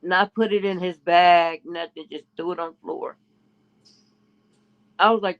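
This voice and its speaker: A man's voice: sits high, fairly even intonation, unhurried, long pauses, a bit bright, clear, resonant tone. A man co-hosting a podcast, telling a gossip story in a rambling way and raising his voice to quote other people. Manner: rambling, restarts often, quotes others in a raised voice. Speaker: podcast co-host. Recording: muffled lo-fi audio.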